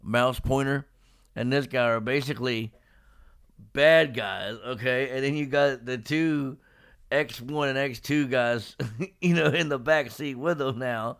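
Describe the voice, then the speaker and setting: A man hosting a casual manga discussion, retelling scenes in a lively way and slipping into quick character voices. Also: medium pitch, creaky, clear, resonant tone. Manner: animated, acts out characters' lines in quick impressions. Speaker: podcast host.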